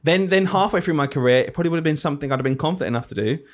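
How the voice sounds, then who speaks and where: Animated teacher telling stories. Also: male voice, fairly high pitch, very fast. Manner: animated storyteller, acts out quotes. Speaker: podcast co-host, teacher. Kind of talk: casual chat.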